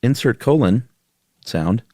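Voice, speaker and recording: A man co-hosting a podcast in casual chat, relaxed, rambling and self-deprecating. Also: medium pitch, slow, no echo, studio quality. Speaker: podcast co-host.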